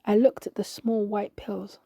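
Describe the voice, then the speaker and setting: Woman narrator, mellow and breathy, dry close sound, slow intimate monologue that drifts into whispers. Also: mid-range voice, flat delivery, dry recording. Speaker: podcast narrator. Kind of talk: scripted dramatic monologue.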